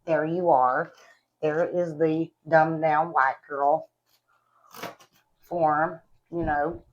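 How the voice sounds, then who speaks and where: Speaking in a deep, darkish voice with fairly even intonation, this woman is unhurried and pauses often. She's from West Virginia and has an Appalachian Southern accent, chatting casually to camera at home about products she's reviewing, folksy and chatty, calling everyone y'all. The recording has its highs cut off and slight background noise.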